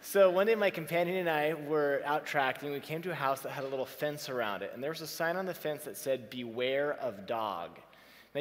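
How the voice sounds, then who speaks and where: A man telling a story to a live audience as an inspirational speaker, acting out the dialogue in it. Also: medium pitch. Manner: animated, acts out dialogue in a story. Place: large hall. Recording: long hall reverb from a stage mic.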